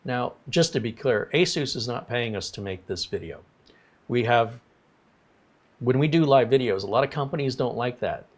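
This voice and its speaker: A man's voice: mid-range voice, expressive, moderate pace. A man hosting a casual livestream, talking in a rambling, apologetic way and reading viewer comments aloud. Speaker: livestream host.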